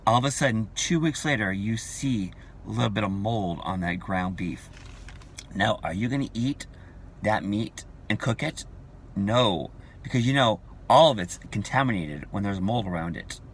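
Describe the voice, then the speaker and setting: A man's voice: lowish voice, expressive, moderate pace, a little hiss or hum. A man in his forties ranting in a vlog, emphatic and combative, repeating his points. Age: 40s. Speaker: vlogger.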